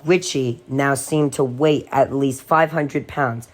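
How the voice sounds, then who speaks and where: A man narrating a horror novel aloud in a steady, dramatic reading. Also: mid-range voice, slow pace. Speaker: audiobook reader.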